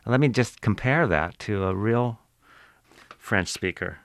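A man's voice: fairly low pitch, animated, slow, no room sound. A man who is an accent archive expert, explaining in an interview in a lecturing manner.

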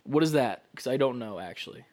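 A young man co-hosting a podcast in casual, animated chat, swearing and using lots of fillers. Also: medium pitch, a little fast. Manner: animated, profane, uses many fillers. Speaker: podcast co-host.

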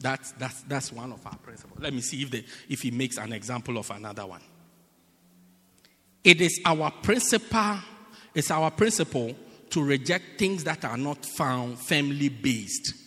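Animated preacher. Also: male voice, mid-range voice, moderate pace, husky. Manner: animated, builds to loud emphatic bursts with repeated phrases. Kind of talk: sermon. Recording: long hall reverb.

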